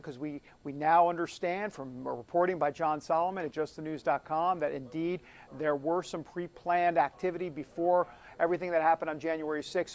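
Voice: medium pitch, darkish tone. A talk show host speaking in a chatty, opinionated style, adding jokes and direct asides to viewers.

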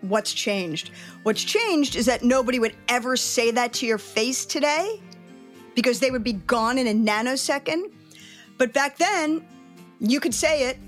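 Middle-aged woman reporter telling candid career stories, kinda high voice, faint music behind. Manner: candid, animated storytelling. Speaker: sports reporter. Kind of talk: interview storytelling.

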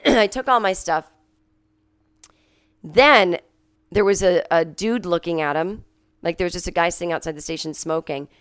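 Sick woman, smooth voice, animated storytelling. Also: fairly low pitch, normal speed. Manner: animated, acts out quoted people in a raised voice. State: sick, coughing and clearing her throat. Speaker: podcast host. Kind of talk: casual storytelling monologue. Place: at home.

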